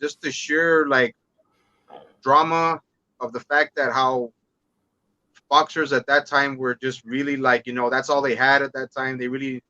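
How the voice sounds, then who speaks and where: A man's voice: mid-range voice, flat delivery, unhurried, pauses often, pushed and bright, no echo, muffled recording. A man talking casually about movies as a podcast guest, rambling with restarts and some swearing.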